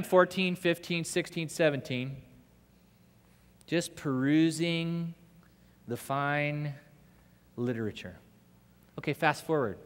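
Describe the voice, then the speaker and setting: Animated male preacher in an echoey hall. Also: on the high side. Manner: animated storytelling, swinging from loud to hushed. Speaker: pastor. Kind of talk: sermon.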